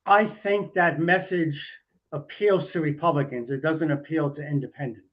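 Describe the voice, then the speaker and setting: Older male journalist guest, halting and measured, dull lo-fi remote sound. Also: fairly high pitch. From New Jersey. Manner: hesitant, many restarts, measured. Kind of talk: political interview.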